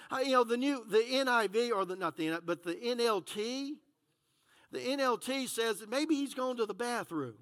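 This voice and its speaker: High, bright-voiced man preaching. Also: normal speed. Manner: conversational, full of "uh, you know" fillers. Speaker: pastor. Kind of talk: sermon.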